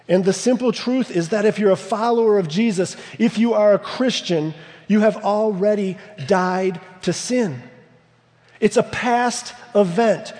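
A man preaching a sermon in a church, emphatic, slowing down to stress key words. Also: high-pitched, a little mellow, big-room sound. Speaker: pastor. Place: church sanctuary.

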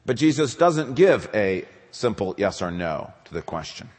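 A male pastor preaching a sermon, animated, acting out questions in quick bursts. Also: fairly low pitch. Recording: reverberant church hall.

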